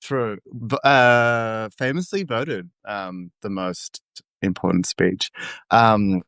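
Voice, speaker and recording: A man's voice: fairly low pitch, slow pace, fairly bright tone, no room sound. A man from Queensland, co-hosting a podcast in casual chat, easygoing and self-mocking, trailing off with ums. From Queensland, Australia. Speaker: podcast co-host.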